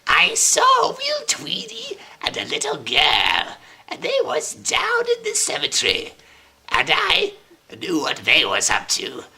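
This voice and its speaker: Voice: mid-range voice, huge pitch swings, takes it slowly, vocal fry, bright, forceful tone, breathy edge, heavily acted. A student putting on the voice of a nosy old woman in a school video, speaking in a disapproving, preachy way. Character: nosy old woman spying on young folks. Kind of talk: amateur school video acting.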